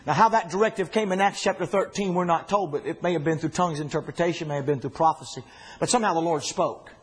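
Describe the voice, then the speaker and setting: A man teaching a Bible study in an animated, folksy way, often repeating himself. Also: fairly high pitch, quick pace, breathy edge.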